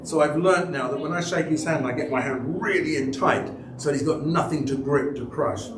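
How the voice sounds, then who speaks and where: A man's voice: normal speed, noisy background. A man, a church elder, preaching a sermon and telling stories that act out the people he quotes. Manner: storytelling, acts out quoted people with big pitch jumps. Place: church sanctuary. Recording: echoey church hall, mic at a distance.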